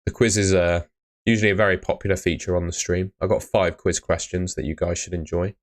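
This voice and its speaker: A man's voice: low voice, steady tone, fairly quick. A young man chatting on a live stream, giving blunt fantasy football advice and often calling viewers "mate". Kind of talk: casual live-stream chat.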